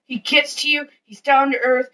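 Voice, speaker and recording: A woman co-hosting a casual chat, playful and excitable, teasing her husband. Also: high voice, moderate pace, distant mic. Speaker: co-host.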